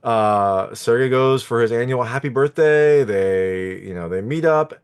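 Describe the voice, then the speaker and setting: Guy reviewing a film, rambly and chatty, fillers everywhere, average pitch. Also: measured pace, smooth. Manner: chatty, meandering, lots of fillers and asides. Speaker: movie reviewer. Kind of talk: casual spoken film recap.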